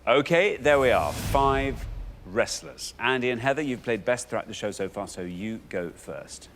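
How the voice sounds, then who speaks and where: A man's voice: mid-range voice, expressive, moderate pace, fairly bright tone, slight background noise. A man hosting a TV quiz show, reading out answers and bantering playfully with his co-host. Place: TV studio.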